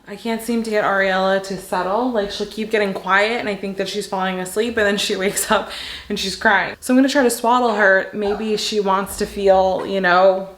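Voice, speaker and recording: A young woman casually vlogging about her day with her newborn, chatty and laughing often, at times cooing softly to the baby. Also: mid-range voice, steady tone, moderate pace, a little hiss or hum. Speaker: vlogger mom. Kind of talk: casual vlog talk to camera.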